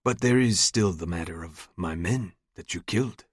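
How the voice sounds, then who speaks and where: A man's voice: low-pitched, moderate pace, slightly rough, dry recording, clean studio sound. A man voicing an older male crime boss with a thick Brazilian accent, in an audiobook. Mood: calm. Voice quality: thick accent, controlled and menacing. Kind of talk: audiobook narration.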